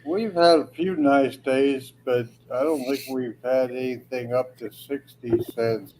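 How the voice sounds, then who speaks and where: Man, video call, very slow pace, dry remarks, faint background noise. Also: medium pitch, steady tone, a little mellow, poor audio. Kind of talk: casual livestream chat.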